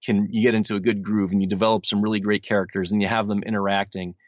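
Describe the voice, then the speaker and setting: Low-voiced man chatting earnestly. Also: flat delivery, fast talker, dry recording. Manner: earnest, rambling with frequent restarts. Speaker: audiobook narrator guest. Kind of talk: casual interview chat. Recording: slightly dull lo-fi sound.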